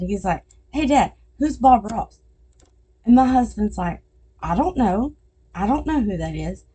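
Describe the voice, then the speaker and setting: Middle-aged woman podcast host, warm low-key tone, chatty storyteller who laughs at her own jokes. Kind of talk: casual chat.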